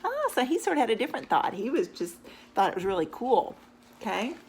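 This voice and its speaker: Teacher lady reading a storybook to kids, lively ups and downs, gravelly voice, asks lots of questions. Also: mid-range voice, fast talker, slight background noise. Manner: animated, asks children questions. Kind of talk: reading a picture book aloud to a class.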